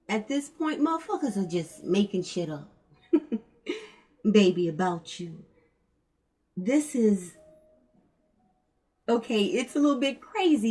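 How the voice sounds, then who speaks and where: A woman's voice: medium pitch, warm tone, rough recording. A woman giving a casual tarot reading, blunt and profane, calling her listeners fam and baby. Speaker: tarot reader.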